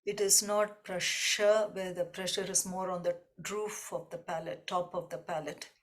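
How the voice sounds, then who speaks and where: A woman teaching a devotional class, explaining slowly and reflectively and often repeating a point in new words. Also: on the low side, level tone. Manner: slow, reflective, gently repetitive explanation. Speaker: spiritual teacher.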